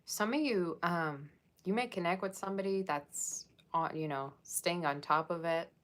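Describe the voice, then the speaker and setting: Low-voiced chatty woman tarot reader. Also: moderate pace. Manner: chatty, rambling, talks straight to viewers. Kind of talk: casual tarot reading to viewers.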